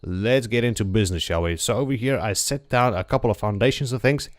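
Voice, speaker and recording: Male gameplay host, slightly low voice, casual joking explainer, dry close-mic sound. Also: fast, dry recording. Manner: chatty, jokey, explains step by step with frequent "okay?".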